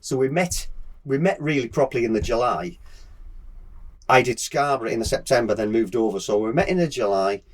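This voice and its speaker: A middle-aged English racer, guesting on an interview podcast, tells stories in a chatty, laughing manner with plenty of yeahs. His medium-pitched voice is brisk with lively intonation.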